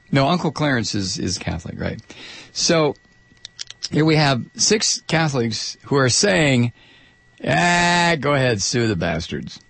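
A man's voice: a little high, gravelly, breathy edge, no echo. A man hosting a talk radio show, rambling through a sarcastic monologue close to a studio mic. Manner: sarcastic, rambling, mock voices.

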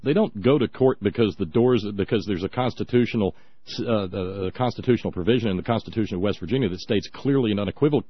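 A man's voice: lowish voice, fast, husky, no echo. A man giving scornful, sarcastic, rambling radio commentary. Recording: dry, dull lo-fi audio.

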